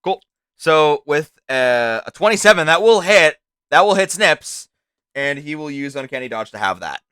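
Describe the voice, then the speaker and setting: Young male game master, slightly high, bright tone, loose and excitable with some swearing. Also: moderate pace, clean tone, dry recording. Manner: casual, swears, excitable descriptions. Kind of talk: running a tabletop game on stream.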